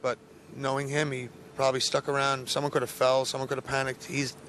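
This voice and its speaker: A man's voice: mid-range voice, completely flat delivery, a little fast, fairly bright tone, slight background noise. A man being interviewed about a missing relative, speaking earnestly and with determination.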